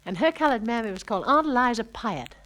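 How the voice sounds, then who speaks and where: A woman with a bright, high voice introduces a song in a refined storytelling manner. She speaks in a poised way on a comedy record. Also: expressive, fast, low-quality recording. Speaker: comic performer.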